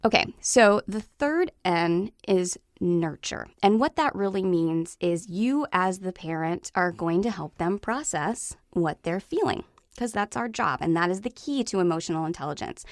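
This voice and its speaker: A woman in her thirties, a parenting expert explaining her advice on a podcast in a reassuring way, sometimes acting out gentle lines to a child. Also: fairly low pitch, expressive, moderate pace, no echo, studio quality.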